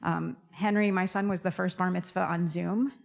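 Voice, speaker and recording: A middle-aged woman stands up at a service to share a remembrance. She talks plainly and informally, pausing often as she goes. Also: on the low side, fairly even intonation, gravelly. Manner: informal, with frequent "um" pauses. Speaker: congregant sharing a remembrance. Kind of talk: casual spoken remembrance.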